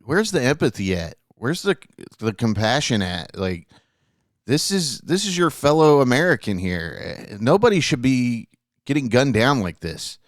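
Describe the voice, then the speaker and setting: A man's voice: medium pitch, sing-song, unhurried, no echo, clean studio sound. A man co-hosting a casual podcast, talking earnestly and rambling, with lots of swearing and trailing fillers. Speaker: podcast co-host. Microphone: studio mic.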